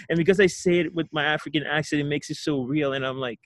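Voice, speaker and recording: A man's voice: on the high side, steady tone, fast talker, fairly bright tone, no echo. A young man from Ghana, a guest telling his own story in a casual interview, reflective and often laughing as he talks.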